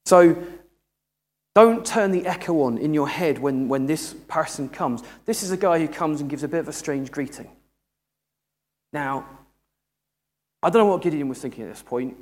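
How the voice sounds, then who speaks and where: A man's voice: a little high, expressive, moderate pace, pauses often. A man preaching a sermon in a humorous, conversational way. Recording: echoey hall.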